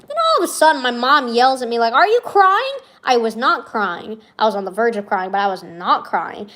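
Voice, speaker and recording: A woman's voice: a little high, very animated, fairly quick, a bit bright. A young woman venting in a casual vlog, rambling and sarcastic, laughing often between her remarks. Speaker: vlogger.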